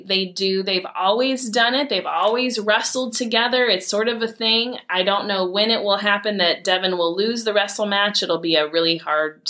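A woman, telling heartfelt family stories in an earnest, animated way as a mother. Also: mid-range voice. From Michigan, USA. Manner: earnest, heartfelt, animated retelling with quoted dialogue. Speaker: mother sharing a personal story. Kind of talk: personal storytelling talk.

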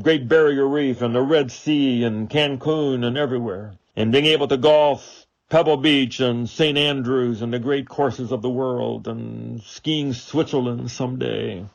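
Guy preaching a daily devotional, earnest, asks lots of questions, raspy-fry voice, kinda muffled audio. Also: medium pitch. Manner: earnest, rhetorical questions, swings from loud to hushed. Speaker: preacher and radio show host.

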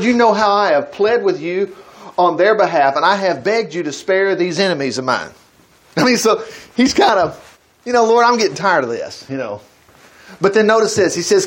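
Animated high-voiced man teaching Bible. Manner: animated, reads scripture aloud and acts out the characters' lines; chuckles and breaks off to comment mid-reading.

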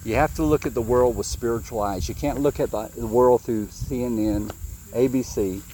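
A man's voice: medium pitch, normal speed, dark tone, slight background noise. A man giving an informal sermon, reading scripture and asking his listeners questions, often repeating himself. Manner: conversational, questions the audience, repeats words. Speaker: preacher.

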